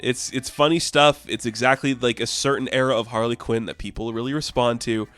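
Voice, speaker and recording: A man's voice: medium pitch, moderate pace, bright, forceful tone, no room sound, faint music behind. A man casually recapping a comic book, with laughs and loose fillers.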